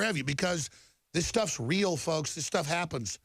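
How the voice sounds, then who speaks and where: A man's voice: a little high, brisk, gravelly, a bit bright, husky, no room sound. A middle-aged man hosting a talk show, delivering a heated, repetitive monologue to viewers while reading headlines.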